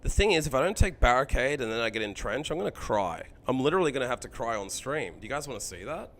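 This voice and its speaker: A man streaming a card game live, thinking out loud about his choices, chatting with viewers and swearing freely. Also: mid-range voice, big pitch swings, fast.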